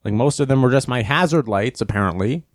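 A man hosting a podcast, telling a casual comic story and commenting on the news, acting out quotes in high voices. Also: expressive, fast, no echo, studio quality. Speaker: podcast host.

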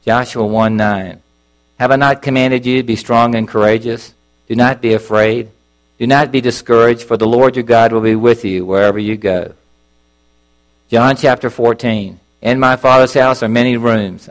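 Male preacher at a middle pitch, earnest and emotional, halting sermon delivery with restarts. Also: low-quality recording.

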